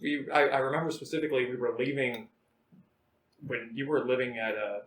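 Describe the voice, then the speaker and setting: A man's voice: medium pitch, a little fast, fairly bright tone, roomy sound, distant mic, slight background noise, low-quality recording. Young man rambling from off-mic. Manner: rambling, profane, laughing. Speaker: podcast co-host. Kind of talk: casual chat.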